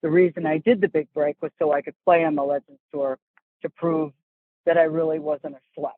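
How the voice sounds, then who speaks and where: Lady golf coach on a call, animated storyteller, tinny phone sound, no room echo. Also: low-pitched, a little fast. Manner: animated, acts out voices in her stories. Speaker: golf instructor, guest. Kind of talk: candid storytelling interview. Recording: dry, phone-like call audio.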